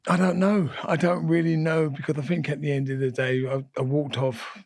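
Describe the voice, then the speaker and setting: A man in his sixties, a boxing guest telling fight stories in an energetic, animated way and repeating his phrases. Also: on the high side, normal speed, no echo, studio quality. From England. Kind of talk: animated storytelling interview.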